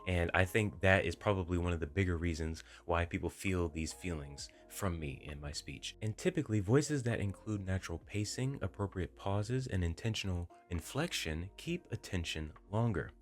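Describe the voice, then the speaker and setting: Young male video creator, very low voice, gentle and inviting, paces his speech with pauses, soft music behind. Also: animated. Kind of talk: reflective talk to camera. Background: faint background music.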